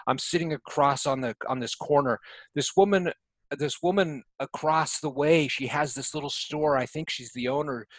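A man's voice: fairly high pitch, no echo, low-quality recording. Rambling male storyteller, dry sound. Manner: rambling, restarts often, then slows to reflect. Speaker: podcast guest. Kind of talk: casual storytelling.

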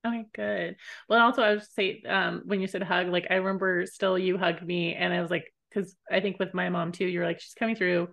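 A woman's voice: on the low side, fairly even intonation, fairly quick, creaky, few pauses, fairly bright tone. A woman hosting a podcast interview, chatting casually with frequent fillers. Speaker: podcast host.

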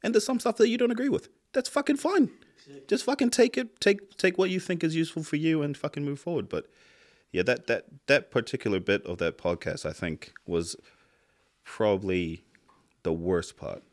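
A man's voice: a little high, normal speed. A man, co-hosting a podcast in casual chat, talking with heated emphasis and heavy swearing. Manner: impassioned, swears a lot, rising emphatic outbursts. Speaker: podcast co-host.

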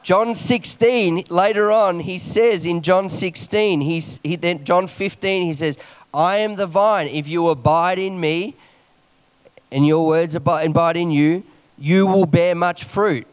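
A man preaching a morning sermon quickly, reading scripture aloud and adding quick asides and jokes. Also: high voice, clear, resonant tone.

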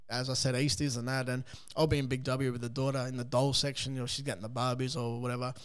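Laid-back Australian man, smooth voice. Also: mid-range voice, fairly even intonation, fast. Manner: laid-back, swears, laughs often. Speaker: podcast guest, coffee van owner. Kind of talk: casual interview chat. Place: home studio.

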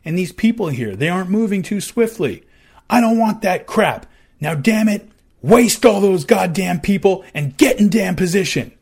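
A man's voice: high-pitched, animated, normal speed, vocal fry, darkish tone, slightly rough, voice pushed up, exaggerated voice. A man voicing a furious male army officer who barks harsh commands at his soldiers.

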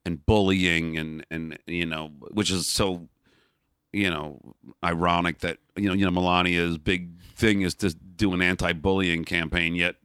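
A man with a bright, forward voice tells a story in a loose, rambling way. He keeps restarting sentences and drops blunt swear words. The recording is dry and close. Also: sits low, fairly even intonation, a little slow, smooth, no room sound. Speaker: podcast guest. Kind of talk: casual storytelling.

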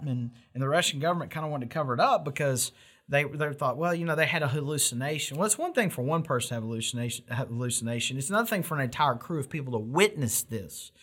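A man's voice: a little high, a bit bright. A middle-aged man preaching a sermon in an earnest, emphatic way, with rhetorical questions and frequent restarts. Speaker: pastor.

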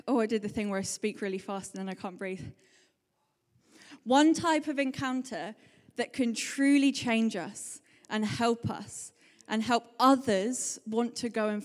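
Chatty woman preaching in a reverberant hall. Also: fairly high pitch. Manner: chatty, animated storytelling, fast bursts. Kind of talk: sermon.

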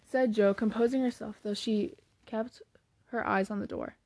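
A woman reading a classic novel aloud in plain, steady storybook narration, now and then correcting a slipped word. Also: a little high, moderate pace, dry recording. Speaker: audiobook reader.

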